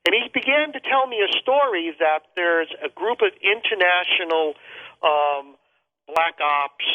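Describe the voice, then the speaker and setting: A man tells a long personal story as an interview guest, stopping and restarting often and filling gaps with ums. His voice sits a bit high for a man. It comes through a thin, tinny phone line. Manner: rambling, halting, repeats words and fillers. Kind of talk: telling a personal travel story. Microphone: phone call.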